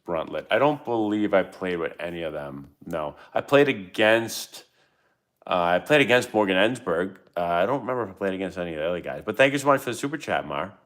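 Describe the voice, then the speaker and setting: Brisk and animated, with a low yet fairly bright voice, the channel host, a middle-aged ex-pro ballplayer, fields questions on a casual live stream. His stories ramble, and he keeps cutting himself off.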